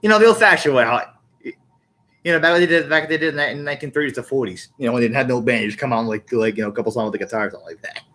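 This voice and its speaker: A man hosting a podcast in casual chat, rambling and halting, often repeating words. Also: medium pitch, fairly bright tone. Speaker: podcast host.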